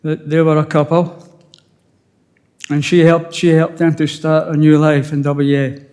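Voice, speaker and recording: An older man with a Scottish accent, a widower giving a halting, emotional funeral eulogy with touches of dry humour. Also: fairly high pitch, little pitch movement, a little mellow, in a large hall. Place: funeral service.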